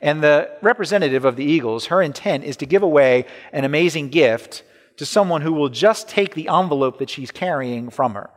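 A man with a slightly high voice preaching in a lively, swinging way. He talks to the congregation like a conversation, repeating words and tossing in "right?" His voice rings with the long reverb of a large church hall. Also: a little fast. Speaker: pastor. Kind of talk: sermon.

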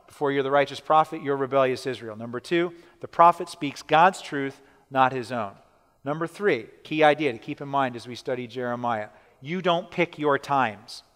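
A man preaching a sermon, emphatic, repeating his key points and slowing down to stress them, often checking in with the listeners. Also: mid-range voice, a bit bright. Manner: asks the listeners questions. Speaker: pastor. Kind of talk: sermon teaching. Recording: long hall reverb.

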